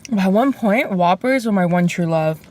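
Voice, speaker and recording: Lady in her car eating fast food and just chatting to the camera, easygoing. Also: medium pitch, lively intonation, a little mellow, a little hiss or hum. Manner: talks to camera between bites, chatty and unhurried. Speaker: mukbang video creator. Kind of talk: casual eating vlog. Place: parked car.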